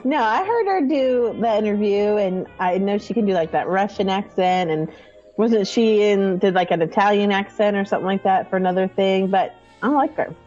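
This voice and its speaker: A woman's voice: mid-range voice, normal speed, darkish tone, muffled recording, soft background music. A woman co-hosting a podcast in casual chat, blunt in her opinions and laughing often. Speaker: podcast co-host.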